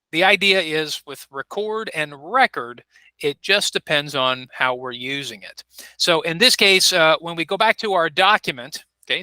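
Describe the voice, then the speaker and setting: A man's voice: a little high, pushed and bright, no room sound, poor audio. A man teaching an online English class, patiently repeating words and modeling pronunciation on a video call. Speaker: ESL teacher. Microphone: computer mic on a video call.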